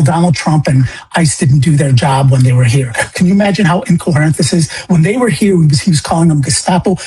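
A man's voice: on the high side, darkish tone, slightly rough, rough recording. A middle-aged man from Illinois, a guest on a talk radio show, speaking indignantly with stammering restarts. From Illinois, USA. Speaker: guest caller.

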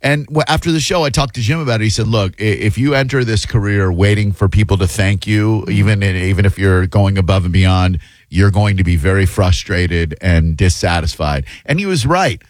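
Low-voiced man in his fifties hosting radio. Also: moderate pace, dry recording. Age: 50s. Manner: rambling, self-deprecating anecdotes with fillers. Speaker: fill-in talk radio host. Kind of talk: casual radio chat and storytelling. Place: radio studio. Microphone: studio broadcast mic.

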